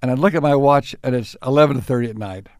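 An older man being interviewed, recalling his life in unhurried stories with frequent restarts and small chuckles. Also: mid-range voice, darkish tone, dry recording, clean studio sound. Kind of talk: reflective storytelling.

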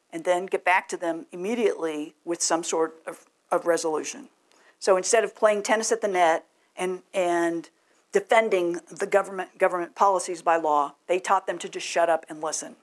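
A woman giving a lively presentation and asking the audience questions. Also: on the low side, moderate pace. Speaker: speaker.

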